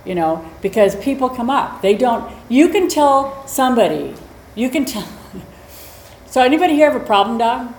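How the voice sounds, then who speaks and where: Animated woman dog trainer teaching. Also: fairly high pitch, normal speed. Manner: animated, chatty, acts out quotes. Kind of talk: teaching a class. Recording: roomy echo, faint noise.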